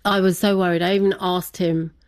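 Her voice is on the low side and darkish, with little pitch movement, and she talks fairly quickly. As a guest in a casual interview, the woman recounts a personal family tale, chatting, laughing a lot, and acting out others' words.

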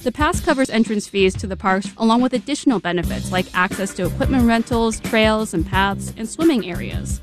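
A woman reading a scripted radio promo in a smooth, measured way. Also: on the high side, lively intonation, music in the background. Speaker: promo announcer.

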